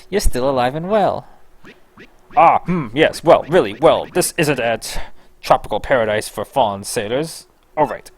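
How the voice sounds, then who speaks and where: A man's voice: mid-range voice, natural voice. A man voicing a pompous old bomb sailor. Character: old male bomb-creature sailor, gruff and proper. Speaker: streamer.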